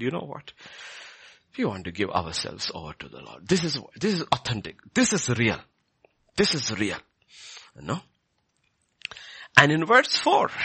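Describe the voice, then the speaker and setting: A man preaching a sermon, animated and repetitive, building to emphatic peaks. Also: mid-range voice, gravelly, husky, no room sound.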